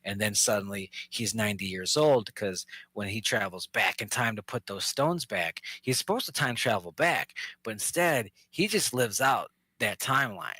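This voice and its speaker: A man's voice: lowish voice, animated, normal speed, few pauses, bright, forceful tone, no echo. A man co-hosting a podcast, chatting bluntly and casually with plenty of swearing. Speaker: podcast co-host. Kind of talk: casual chat.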